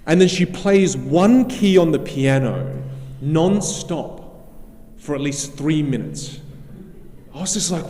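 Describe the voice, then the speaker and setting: A man's voice: a little high, expressive, slow, warm tone. A man hosting a live event, telling a personal anecdote on stage. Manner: anecdotal, with some restarts. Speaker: event host and speaker. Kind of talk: storytelling stage talk. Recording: long hall reverb, faint music behind.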